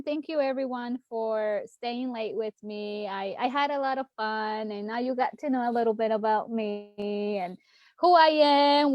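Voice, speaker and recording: A woman's voice: on the high side, no echo, dull audio. A woman in her thirties who is a political candidate, talking in a late-night livestream chat and laughing often between phrases.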